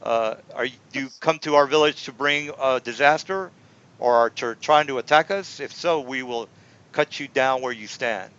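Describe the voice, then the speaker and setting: A man voicing an elderly bearded male hobgoblin chieftain, civil but stern, in a measured, warning way. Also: medium pitch, a bit bright, smooth, close to an everyday voice. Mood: threatening. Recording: dull lo-fi recording.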